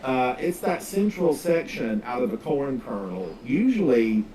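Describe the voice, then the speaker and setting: Streaming a game, this Smoky Mountains man from North Carolina drawls and rambles in a Southern accent, tossing out folksy asides in casual chat. His mid-range voice is sing-song and a little slow, with a crowd audible behind him. It's picked up on a distant mic with faint background noise.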